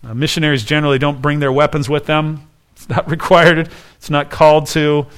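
A man's voice: fairly high pitch, level tone, a little fast, clear, resonant tone. A man preaching a sermon as pastor, earnest and conversational, often restarting his phrases.

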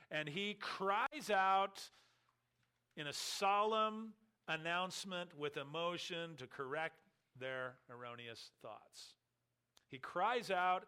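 A man's voice: high-pitched, pushed and bright, clean tone. A man preaching an expository sermon as a pastor, emphatic and full of rhetorical questions.

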